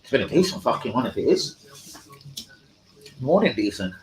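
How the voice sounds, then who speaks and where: A man's voice: medium pitch, sing-song, moderate pace, slight background noise, low-quality recording. A man hosts a live-stream football chat, talking in a casual, rambling way with slang and heavy swearing. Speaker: fan channel host.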